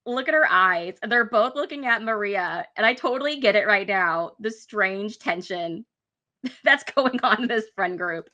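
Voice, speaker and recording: A woman's voice: mid-range voice, lively intonation, unhurried, bright, forceful tone, highs cut off. A woman hosting a reaction video, giggling as she points out people's faces in casual commentary. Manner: laughs often, pointing out faces. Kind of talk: casual commentary over clips.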